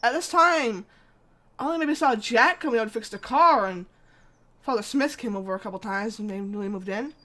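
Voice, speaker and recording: A woman's voice: a little high, fairly quick, bright, forceful tone. A woman voicing a folksy, rambling middle-aged male neighbor who drinks whiskey, reading video game dialogue aloud.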